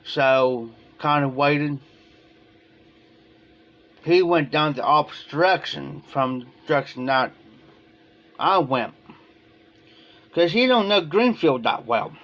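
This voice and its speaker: A man's voice: a little high, lively intonation, slow pace, pauses often, fairly bright tone. A man from Ohio telling a long personal story on a live stream, rambling and repeating "I said" as he goes. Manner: rambling, repeats "I said" between quoted lines. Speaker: livestream host.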